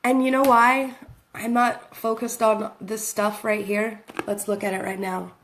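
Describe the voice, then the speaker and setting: A woman's voice: a little high, little pitch movement, unhurried, a bit bright, a little hiss or hum. A woman vlogging to her phone camera, rambling and self-deprecating as she talks casually, often laughing between thoughts.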